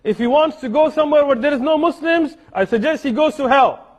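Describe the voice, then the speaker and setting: Male preacher, high register, forceful emphatic delivery, noisy recording. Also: brisk. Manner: emphatic, shouting at points. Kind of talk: fiery lecture. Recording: loud background noise.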